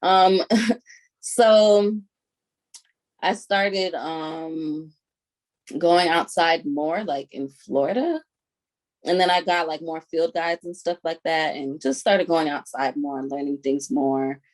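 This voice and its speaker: A young woman with a slightly low voice, talking in a loose, chatty way. She strings her stories together with lots of "like", laughing easily as she goes. She sounds like a podcast guest telling stories about her life. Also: low-quality recording. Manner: chatty storyteller, heavy use of "like", quick laughs. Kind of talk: casual chat.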